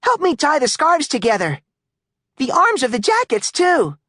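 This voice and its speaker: A woman voicing an excited young boy in a children's audiobook, with a high, eager and breathless delivery. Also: normal speed, no room sound, studio quality. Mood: urgent.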